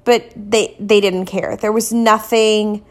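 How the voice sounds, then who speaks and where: A woman's voice: medium pitch, fairly even intonation, slow pace. A woman telling a painful personal story in a candid, confessional way, with many fillers and restarts. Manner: acts out short quoted exchanges in her telling. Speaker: podcast storyteller.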